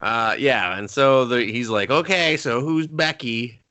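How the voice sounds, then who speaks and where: A man co-hosts a casual movie review podcast with a bright, forward voice. He swears freely and acts out lines from the film to get laughs. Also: mid-range voice, a little slow, clear, resonant tone. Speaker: podcast co-host.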